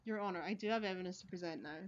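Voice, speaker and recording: A woman's voice: on the low side, very fast, lightly acted. A woman voicing a firm, earnest young male defense lawyer in a video game read-along. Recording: lo-fi recording.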